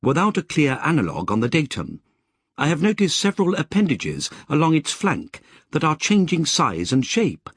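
A man voicing a precise, chattering male artificial intelligence with a crisp, eager way of talking. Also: on the high side, huge pitch swings, moderate pace, no room sound, pitched above the performer's own voice, heavily acted. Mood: clinical.

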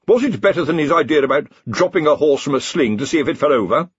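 A man's voice: on the high side, lively intonation, fast talker, breathy edge, no echo, muffled recording, voice pushed up. A man voicing a sarcastic, pompous, argumentative old male wizard.

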